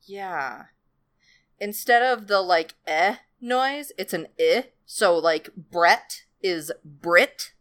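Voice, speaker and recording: A woman's voice: mid-range voice, expressive, slow, clear, resonant tone. A young woman chatting casually as a podcast co-host, playful and enthusiastic. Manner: playful, enthusiastic, trails off into laughs. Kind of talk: casual chat.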